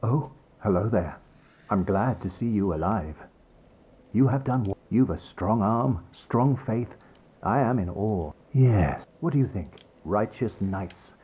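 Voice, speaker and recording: An actor playing an earnest, devout knight in a video game, with a husky voice and a solemn way of speaking. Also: male voice, fairly low pitch, animated, a little slow, heavily acted. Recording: tinny game audio.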